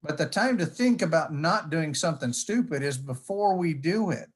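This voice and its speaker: A man's voice: a little high, expressive, normal speed, breathy edge. A man giving a conference presentation in a folksy storytelling manner, with jokes along the way. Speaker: conference speaker. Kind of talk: presentation talk.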